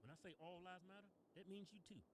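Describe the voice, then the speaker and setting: A man co-hosting a casual comedy show, trading crude wisecracks and laughing loudly. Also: sits high, fast talker, noisy background. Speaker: co-host.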